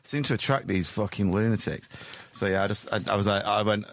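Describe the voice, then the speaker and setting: A man's voice: on the low side, a little fast, fairly bright tone, slight background noise. A man co-hosting a podcast, telling sweary anecdotes in casual banter and laughing often. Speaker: podcast co-host.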